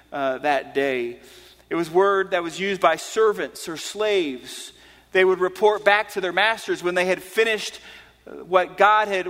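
A man preaching a sermon earnestly, dropping to hushed low phrases and rising to emphatic declarations. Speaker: pastor. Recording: long hall reverb.

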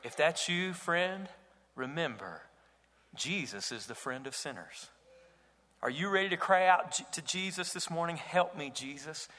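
A man's voice: a little high, expressive, measured pace, sharp tone. A man preaching a sermon as pastor, earnest and rising to emphatic cries. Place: church sanctuary. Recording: reverberant hall.

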